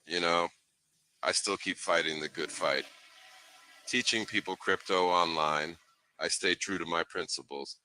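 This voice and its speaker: A man voicing a gushing, deep-voiced crypto fan. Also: a little slow, bright, forceful tone, slight background noise, exaggerated voice. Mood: earnest. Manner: gushing and overeager. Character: eager male crypto fan who now cleans toilets. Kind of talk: meme video skit.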